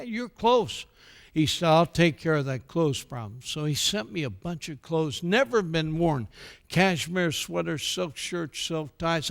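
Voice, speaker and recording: Older American man telling stories in church. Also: a little high. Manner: animated storyteller who acts out quoted dialogue. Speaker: guest speaker at a church. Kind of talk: storytelling speech with a sermon tone.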